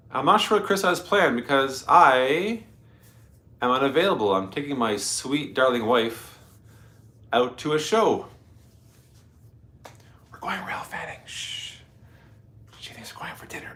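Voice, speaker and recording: A man's voice: mid-range voice, fairly bright tone. Chatty Canadian man hosting a livestream. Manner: chatty, rambling, talks to his dog and chat. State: a little stuffy. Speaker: livestream host. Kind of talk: casual live-stream chat.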